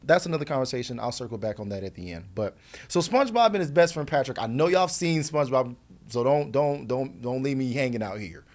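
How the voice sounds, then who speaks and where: A man telling a story to the camera, casual and playful, with quick asides to the viewer. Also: medium pitch, lively intonation, darkish tone. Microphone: camera mic.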